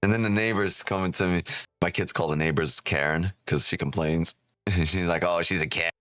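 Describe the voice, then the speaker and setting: A man's voice: low-pitched, moderate pace, no echo, studio quality, soft background music. Profane, joking man streaming live. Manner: loud, profane, joking, laughs often. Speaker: day trading streamer. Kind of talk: casual live stream chat.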